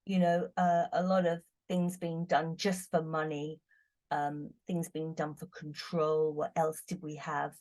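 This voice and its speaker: Chatty British woman, fairly low voice. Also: little pitch movement, measured pace, darkish tone. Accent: British English. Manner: chatty, giggly, exclamatory. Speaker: tarot reader, channel host. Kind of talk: casual chat.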